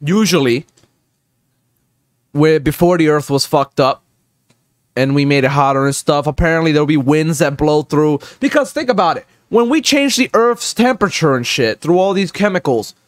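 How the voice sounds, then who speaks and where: A man streaming a reaction video, loud and profane, swinging between shouting and muttering. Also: on the high side, expressive, moderate pace, no room sound, clean studio sound. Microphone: desk mic, no headphones.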